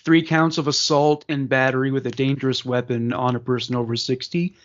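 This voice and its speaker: A man's voice: mid-range voice, level tone, fairly quick, lo-fi sound. A man co-hosting a podcast, reading a crime news story aloud with frequent fillers and casual asides. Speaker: podcast co-host.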